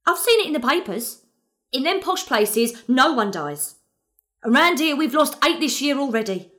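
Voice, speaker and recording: A woman's voice: sits high, lively intonation, normal speed, fairly bright tone. A woman playing a heartfelt Cockney mother. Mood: apologetic pleading. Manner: rambling, heartfelt, apologetic. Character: working-class London mother, fond, grieving, earnest. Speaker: actor in an audio drama. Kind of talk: radio play acting.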